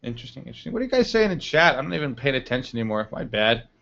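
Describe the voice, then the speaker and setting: A man's voice: mid-range voice, big pitch swings, very fast, vocal fry, a bit bright. A man hosting a casual live stream, chatting, laughing often and reading the chat aloud. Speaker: livestream host. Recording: dull lo-fi stream audio.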